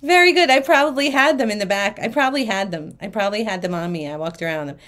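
A woman's voice: mid-range voice, fast talker. Woman, live-auction host, casual chat, storyteller who acts out quotes, mutters asides. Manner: chatty, acts out quoted people in a lively way. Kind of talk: live shopping stream, chatty.

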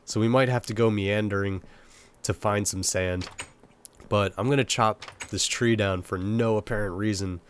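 A man's voice: on the low side, steady tone, normal speed, a little hiss or hum. A young man with a cold, sounding nasal and sniffly, rambling and joking at himself while commenting on his gameplay. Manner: rambling, self-mocking chatter to himself. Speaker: let's play gamer.

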